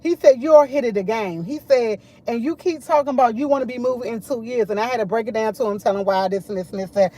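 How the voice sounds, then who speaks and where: A middle-aged woman chatting casually to camera, full of animated retellings of what others said. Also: fairly high pitch, fast, few pauses. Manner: animated, quotes others a lot. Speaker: vlogger.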